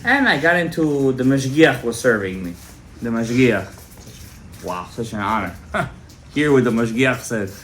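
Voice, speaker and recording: A male rabbi telling a story in a Torah class, animated and joking, mixing in Hebrew terms. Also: medium pitch, unhurried, slight background noise. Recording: echoey room, faint background.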